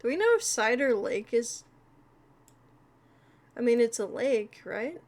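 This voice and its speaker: A woman's voice: fairly high pitch, very animated, slow. A woman live streamer giving casual gameplay commentary, chatty and talking to herself as she pleads with the game.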